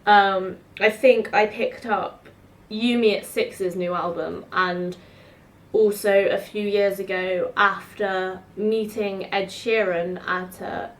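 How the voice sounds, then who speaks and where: Speaking slowly with a steady tone at medium pitch, she chats to camera in casual, rambling stories peppered with "like." She's a twenty-something student vlogger from South East London.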